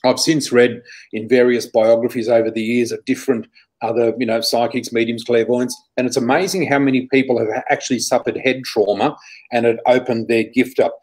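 A middle-aged Australian man, a guest psychic, telling stories in an interview with an animated, rambling manner and frequent restarts. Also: medium pitch, brisk, husky, poor audio. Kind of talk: storytelling in an interview.

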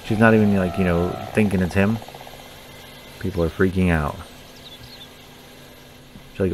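A man's voice: sits low, steady tone, unhurried, pauses often, a little hiss or hum. A man hosting a gaming channel, giving profane, joking let's-play commentary and talking back to the characters on screen.

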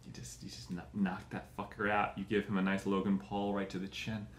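In a low, monotone voice, a comedy podcast host speaks a little fast, with a roomy sound and slight background noise. He rambles through a crude, profane, mocking rant, imitating other people's voices along the way.

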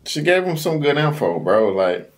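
A man's voice: fairly high pitch, big pitch swings, moderate pace. A man hosting a reaction video, giving slangy, casual commentary that keeps breaking into laughter. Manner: slangy, laughs a lot while talking.

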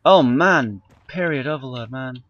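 A man's voice: mid-range voice, a little slow, fairly bright tone, muffled recording. A man commentating a horror game he is playing, easily scared, swearing and yelping often, recorded on a handheld camera mic. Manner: jumpy, scared, swearing, frequent sudden yelps. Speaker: gaming YouTuber.

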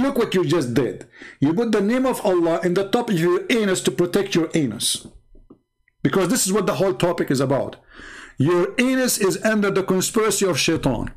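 Sarcastic man hosting a live stream. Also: high-pitched. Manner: sarcastic, scornful rhetorical questioning; broken, non-standard English grammar. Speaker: livestream host. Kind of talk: mocking live-stream commentary.

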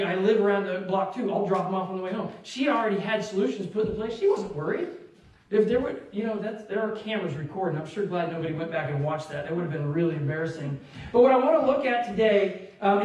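A man in his thirties preaching a sermon in a church, telling a personal story in an animated way and acting out what people said. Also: sits high. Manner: animated storytelling, acts out quotes, laughs along. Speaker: pastor. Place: church sanctuary. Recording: very echoey church hall, distant mic.

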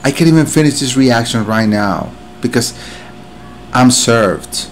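A man's voice: mid-range voice, expressive, measured pace, slight background noise. A man with a Mexican accent, a native Spanish speaker, hosting an album reaction and gushing with emotion. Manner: effusive, exclamatory, overcome with emotion. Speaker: music reaction video host. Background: the song playing faintly.

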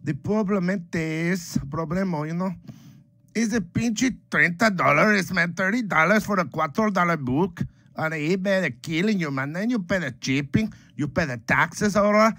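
A man's voice: mid-range voice, animated, moderate pace, no echo, close to an everyday voice. A man voicing a boastful, joking streetwise homeboy character who rambles and mixes Spanish slang words into his English, in a comedic character monologue. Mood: swaggering. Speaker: comic book collecting vlogger.

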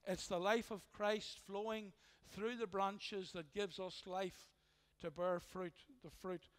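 A man's voice: high-pitched, smooth. A man with a Northern Irish accent preaching a sermon as pastor, earnest and emphatic, often repeating phrases for weight. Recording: long hall reverb.

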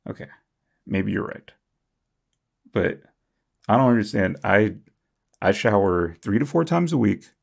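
A young man reading and reacting to comments on his channel, jokey and self-mocking, swinging from high squeals to low mutters. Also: lively intonation, unhurried, vocal fry, pauses often. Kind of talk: comedic comment-reading vlog.

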